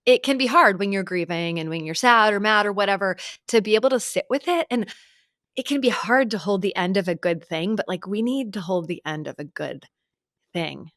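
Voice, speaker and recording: A woman's voice: medium pitch, fairly quick, fairly bright tone, no room sound, clean studio sound. A woman in her thirties co-hosting a podcast in casual chat, reflective and affirming as she wraps things up. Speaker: podcast co-host.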